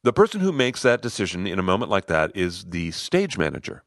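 A middle-aged man telling a personal story in an animated way, acting out the lines of other people. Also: deep voice, brisk, dry recording, clean studio sound. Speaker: host, storyteller. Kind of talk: personal story told to listeners.

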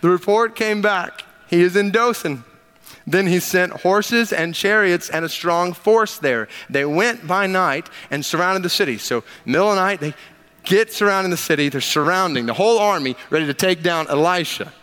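A man's voice: high-pitched, moderate pace, bright, forceful tone, clear, resonant tone. A man preaching a sermon as pastor, reading scripture aloud and talking it through in an emphatic, conversational way with joking asides. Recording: long reverb of a large hall.

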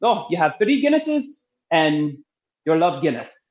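A woman's voice: sits low, big pitch swings, a little slow, a little mellow, echoey room, highs cut off. A woman putting on an Irish accent to voice a chatty male pub bartender who teases a customer. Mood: coaxing. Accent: put-on Irish. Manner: coaxing, teasing.

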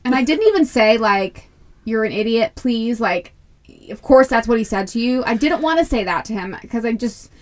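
A middle-aged woman with a slightly higher voice co-hosts a casual podcast chat. She tells a family story in a lively way and acts out the lines of the people in it. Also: moderate pace. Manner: animated storytelling that acts out quoted family members. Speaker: podcast co-host and mother.

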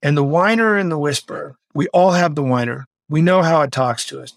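Middle-aged male guest: energetic motivational storyteller with a gravelly voice, dry recording. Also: a little high, fairly quick, few pauses, no echo. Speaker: guest, author and former Navy SEAL. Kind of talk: podcast interview storytelling.

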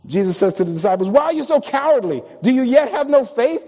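A pastor from the East Coast preaching a sermon, telling stories with humor and building to emphatic peaks. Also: male voice, very high voice, very animated, fast, hardly any pauses, dark tone. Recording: long reverb, dull lo-fi sound.

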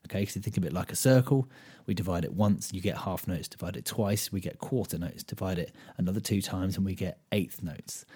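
A British man hosting a solo podcast, casually explaining guitar rhythm and thinking out loud, with frequent ums and beats counted aloud. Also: low voice, brisk, breathy edge. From United Kingdom. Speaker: podcast host and guitar teacher.

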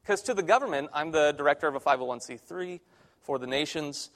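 A man's voice: on the high side, lively intonation, brisk, fairly bright tone. Young man preaching with wry humor. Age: young adult. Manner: conversational, self-deprecating humor. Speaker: church intern preaching. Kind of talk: sermon. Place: church sanctuary.

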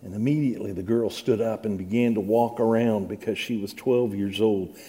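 Mellow-voiced man preaching a sermon. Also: fairly low pitch, fairly even intonation, a little fast. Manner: dramatic Bible reading, rising to emphatic preaching. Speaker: pastor.

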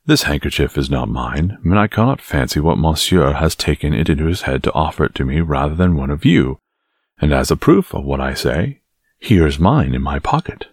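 A man's voice: a bass voice, expressive, slightly rough, no room sound, clean studio sound, exaggerated voice. Man playing a cool, courtly young musketeer. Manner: measured, coldly courteous.

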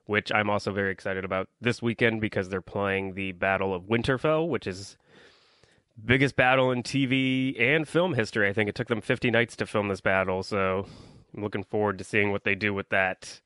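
A man's voice: on the low side, steady tone, fairly quick, a bit bright, dry recording. A young man hosting a solo podcast, rambling through a casual movie review with lots of ums and likes while complaining about his audience. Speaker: podcast host.

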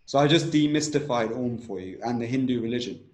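A man's voice: mid-range voice, lively intonation, brisk, darkish tone, echoey room. A man teaching a breathing technique in an interview, instructive and repetitive, often checking in with "right?".

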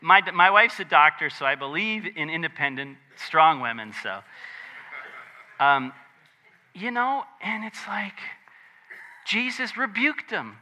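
A man preaching a conversational sermon, animated and chatty, with joking asides. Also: high-pitched, takes it slowly, pauses often, a little hiss or hum. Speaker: pastor.

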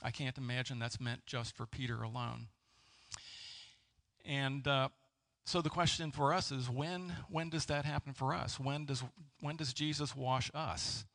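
A man preaching a sermon as a pastor, halting and searching for words with many fillers and restarts. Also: medium pitch, fairly even intonation, vocal fry, a bit bright. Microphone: presenting with slides.

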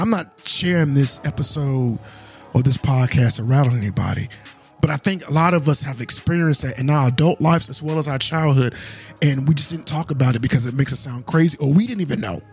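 A man's voice: medium pitch, brisk, darkish tone, faint music behind. A man hosting a podcast, earnestly telling a personal story in a casual, conversational way and speaking straight to his listeners. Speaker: podcast host.

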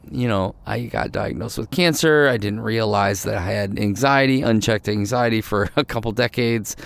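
Pastor guy on his podcast, low smooth voice, soft reflective talk, outside at night. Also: no echo. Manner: gentle, reflective, repeats phrases. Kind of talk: casual devotional podcast talk. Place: outdoors at night.

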